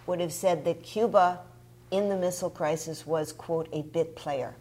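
A woman scholar explains her research in a measured, academic way. Her voice is fairly low for a woman. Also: a little mellow. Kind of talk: explanatory discussion.

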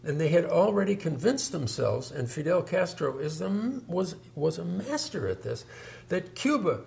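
A man's voice: on the high side, big pitch swings, normal speed, vocal fry, darkish tone. A man talking through history in an emphatic, storytelling way. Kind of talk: explanatory discussion.

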